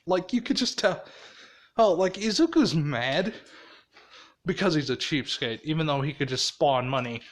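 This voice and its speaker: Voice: medium pitch, lively intonation, unhurried, long pauses. A person casually telling a rambling fan story, swearing often and laughing along.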